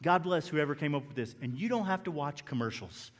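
A man's voice: fairly high pitch, lively intonation, fairly quick. A man preaching a sermon as pastor, talking conversationally, repeating key phrases and asking the room questions. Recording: reverberant hall recording.

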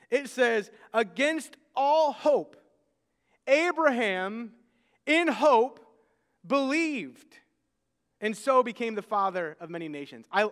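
Pastor, 30s, man, very high voice, stammering restarts, sermon in a reverberant hall. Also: a bit bright, clean tone. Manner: conversational, repeats words when starting sentences, quoting scripture. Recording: long reverb of a large hall.

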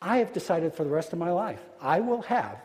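A man preaching a sermon as pastor, earnest and emphatic, dropping to hushed tones at key points. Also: a little high, very animated, brisk. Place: church sanctuary. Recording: long hall reverb.

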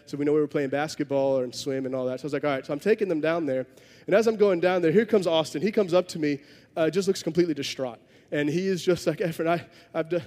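A man's voice: a little high, darkish tone, big-room sound. A man preaching a sermon, telling a story in a conversational way with self-deprecating humor. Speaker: pastor.

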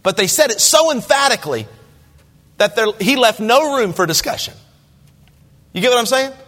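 A pastor delivers a sermon in a high-pitched male voice, moving between scripture reading and casual asides to the congregation. The reverb trails on long after each phrase, as in a large church hall. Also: very animated, normal speed, fairly bright tone. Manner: conversational, asks the listeners direct questions; reads scripture aloud in King James wording.

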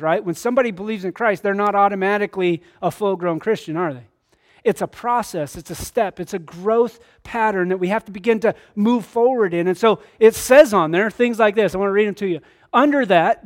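A pastor preaching a conversational sermon to his church, a man acting out quoted voices in his stories. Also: sits high.

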